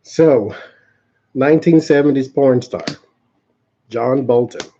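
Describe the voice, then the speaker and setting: A man's voice: medium pitch, takes it slowly, mellow, highs cut off, a little hiss or hum. A man hosting a casual live-stream tarot reading, chatting with viewers and laughing often. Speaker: tarot reader and channel host.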